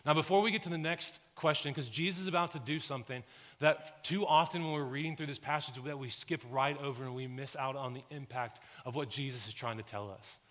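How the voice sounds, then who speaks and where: A man in his thirties with a Southern American accent, preaching a sermon and telling stories, swinging from hushed lines to loud, animated bursts. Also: mid-range voice, fairly quick. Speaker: pastor. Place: large church sanctuary. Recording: long hall reverb.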